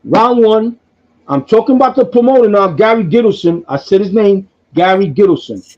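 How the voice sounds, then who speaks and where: Man host, high voice, muffled sound, animated profane storyteller. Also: moderate pace. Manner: excitable, profane, repeats himself.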